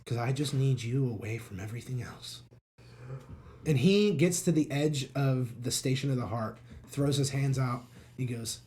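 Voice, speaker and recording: A man narrating a tabletop game as game master, loose and halting with frequent fillers. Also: mid-range voice, mellow.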